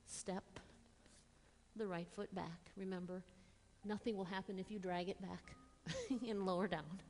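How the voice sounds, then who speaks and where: A woman teaching a yoga class, giving calm, encouraging step-by-step cues while slightly out of breath. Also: mid-range voice, measured pace, big-room sound, slight background noise. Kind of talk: guided yoga class instruction.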